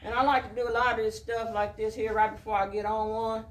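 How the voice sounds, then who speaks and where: Guy calmly talking a horse down, soft shushing voice, kinda echoey outside audio. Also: high-pitched, fast. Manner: soft, hushing calming voice. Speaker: horse trainer. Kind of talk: casual training commentary. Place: outdoors at a horse pen with farm birds.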